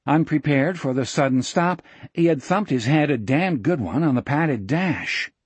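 A man narrating a novel as an audiobook in a steady, measured storytelling voice. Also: fairly high pitch, slightly rough, no echo. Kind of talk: scripted narration.

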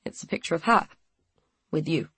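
A woman voicing a patient male police detective who speaks cautiously and in a measured way. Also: fairly bright tone, no room sound, natural voice. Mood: gentle.

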